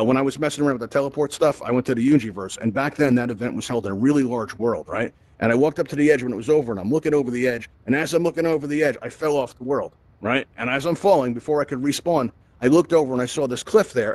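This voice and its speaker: A quick, upbeat man from Brooklyn talks a virtual crowd through the controls, peppering his points with "right?". He speaks fast and the sound is dry and close, with no room echo. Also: mid-range voice, a little mellow. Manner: chatty and upbeat, tags lines with "right?". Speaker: event host and VR instructor. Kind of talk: live presentation to a virtual audience.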